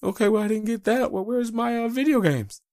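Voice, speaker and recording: A man putting on a high, whiny voice to imitate his young daughter asking for presents. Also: brisk, darkish tone, dry recording, studio quality.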